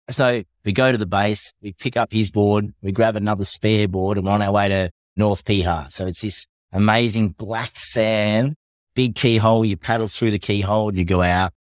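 An easygoing Australian man in a podcast chat, telling a story in a laid-back way. His voice sits a bit low and is recorded close and dry. He talks in a matey, unhurried style. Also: steady tone, no echo. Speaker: podcast guest. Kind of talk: casual storytelling.

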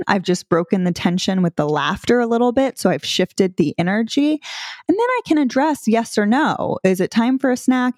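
A woman's voice: mid-range voice, a little mellow, no room sound, clean studio sound. A woman in her thirties, a parenting coach hosting her podcast, talking in a playful, chatty way and laughing easily. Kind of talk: casual instructional talk.

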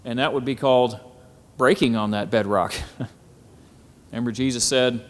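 A man preaching a sermon at a symposium, often pausing on "Amen" and building to emphatic, climbing phrases. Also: mid-range voice, steady tone. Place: hall at a symposium. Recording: echoey hall.

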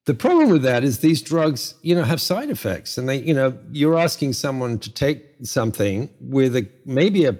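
A middle-aged man who teaches herbal medicine speaks as a guest in a conversational interview, thoughtful and rambling, with lots of asides. His voice is medium-pitched, darkish in tone, and husky.

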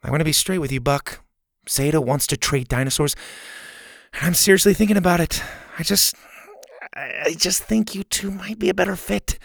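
A man's voice: fairly high pitch, moderate pace, vocal fry, no echo, clean studio sound, voice pushed up. A man voicing a kind, earnest boy who talks supportively to his friend. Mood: tender. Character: kind, encouraging boy camper.

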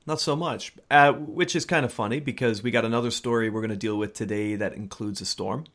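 A man's voice: mid-range voice, fairly quick, a bit bright. A man co-hosting a casual book podcast, chatting wryly and playfully. He slips into mock-formal phrasing for comic effect. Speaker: podcast co-host. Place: home in Scotland.

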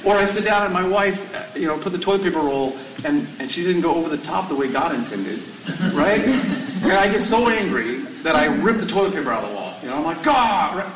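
A man, a firefighter, telling his story to an audience, growing animated and rising toward a near-shout when exasperated. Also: on the high side, fairly quick, reverberant, distant mic, slight background noise, rough recording.

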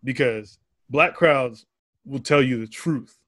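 A man's voice: mid-range voice, takes it slowly, no room sound. A man, a stand-up comedian, telling stories animatedly with a lot of swearing on a casual podcast. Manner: animated storytelling, heavy swearing, laughs often. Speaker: comedian guest.

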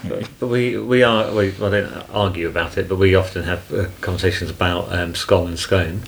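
A man's voice: sits low, fairly even intonation, fairly quick, creaky, slight background noise. A man chatting as a podcast guest, playful and fond of puns. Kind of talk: casual chat.

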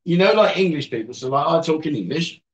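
Fast and animated, this man's higher-pitched voice is recorded with the highs cut off. He runs a casual livestream from a bar or venue indoors, reading out comments from viewers and teasing his guests with a joking, chatty manner.

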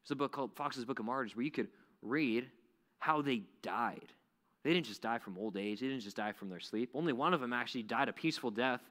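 A man preaching a youth sermon in a casual, animated way, full of "like" fillers. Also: mid-range voice, a little fast. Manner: conversational, animated, many "like" fillers. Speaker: youth pastor. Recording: echoey hall reverb.

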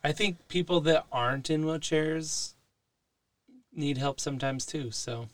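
A man's voice: fairly high pitch, unhurried, no echo. Supportive man in casual chat. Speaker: co-host. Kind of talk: casual podcast conversation.

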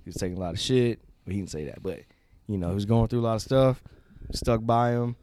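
A man co-hosting a casual wrestling podcast, recapping shows and mimicking wrestlers in high voices. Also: quick pace, a little mellow. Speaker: podcast co-host.

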